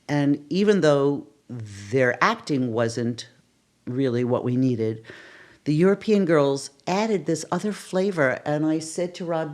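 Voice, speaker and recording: A woman's voice: deep voice, a little slow. An older woman, a casting director, telling stories in a podcast interview and acting out the exclamations she quotes. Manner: animated, acts out quoted exclamations.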